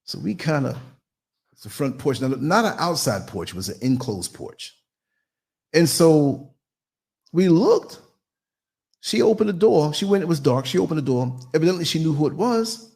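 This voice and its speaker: A man hosting a live podcast, telling a story in an animated, theatrical way and acting out voices and sounds. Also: a little high, moderate pace, vocal fry, pauses often. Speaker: podcast host.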